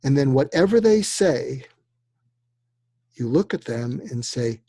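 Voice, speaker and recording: Older man coaching in a calm voice. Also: medium pitch, takes it slowly, pauses often, dry recording. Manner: acts out quoted dialogue in a calm coaching tone. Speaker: guest expert on persuasion. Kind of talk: conversational advice-giving.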